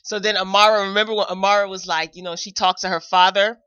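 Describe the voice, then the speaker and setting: Bright-voiced woman laughing through gossip. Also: mid-range voice, fast, clear, resonant tone, dull audio. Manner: laughing often, animated retelling. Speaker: morning show host. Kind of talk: casual chat.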